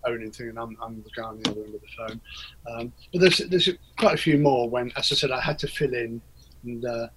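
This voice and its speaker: A man's voice: mid-range voice, fairly quick, background noise. A man, a guest in a casual interview, talking in a rambling, hesitant way with many fillers and restarts. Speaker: interview guest, record producer.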